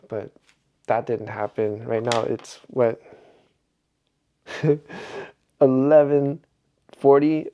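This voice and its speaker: Mellow-voiced middle-aged man musing aloud. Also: medium pitch, lo-fi sound. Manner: rambling, reflective, chuckles often. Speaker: vlogger. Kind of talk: casual vlog monologue.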